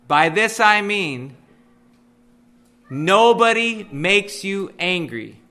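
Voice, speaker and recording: A man giving a conversational Sunday school sermon, animated, with casual asides. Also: sits high. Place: church classroom.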